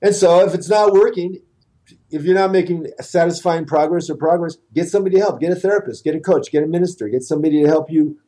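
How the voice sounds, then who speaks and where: A man's voice: fairly high pitch, quick pace, warm tone. A man, a therapist guest on a podcast interview, giving earnest, emphatic advice in conversation.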